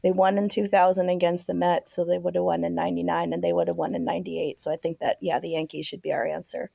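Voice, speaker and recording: A woman talks through trivia answers, thinking out loud. Her voice is mellow with a gravelly edge. The sound is dry. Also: fairly low pitch, level tone, dry recording. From Staten Island, New York. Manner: quick, thinks out loud in a friendly way. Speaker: trivia contestant, teacher. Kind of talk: casual chat.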